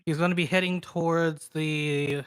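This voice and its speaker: High-voiced man, casual player. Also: steady tone, moderate pace, clear, resonant tone. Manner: hesitant, thinking aloud. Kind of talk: casual game chat.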